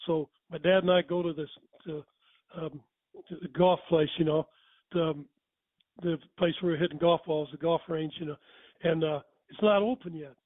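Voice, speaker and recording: A man's voice: fairly high pitch, fairly even intonation, moderate pace, dry recording. An older man telling stories casually, rambling and correcting himself as he goes. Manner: rambling, self-correcting, chuckling. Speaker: storyteller. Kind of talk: casual storytelling. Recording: tinny phone-like sound.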